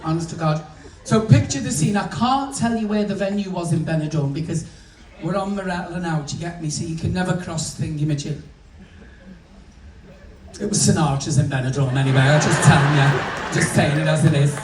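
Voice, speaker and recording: A man's voice: on the high side, brisk. A man doing bawdy stand-up comedy on a cruise ship, chatting to the crowd. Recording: echoey room, distant mic, noisy.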